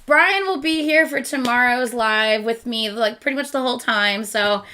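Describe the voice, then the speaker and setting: A woman hosting a casual live stream, chatty and rambling, easily excited and quick to laugh. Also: on the high side, slight background noise. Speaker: reaction channel host.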